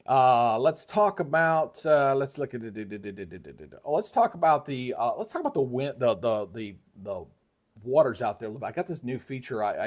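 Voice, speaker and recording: This livestream weather host talks casually from home, his speech folksy and rambling, full of fillers and false starts. He has a medium-pitched, somewhat dark voice, and he keeps changing mics and moving off them.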